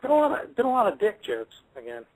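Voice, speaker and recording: Husky high-voiced man rambling jokes. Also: huge pitch swings, fast talker, rough recording. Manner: joking, rambling with stammered restarts. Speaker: guest. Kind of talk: casual comedic chat.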